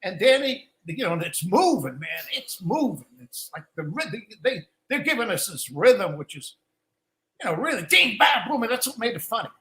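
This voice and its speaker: A man's voice: sits high, sing-song, normal speed, low-quality recording. An older man, a guest musician, telling rambling stories in a casual live Q&A. He restarts his sentences often and acts out quoted lines.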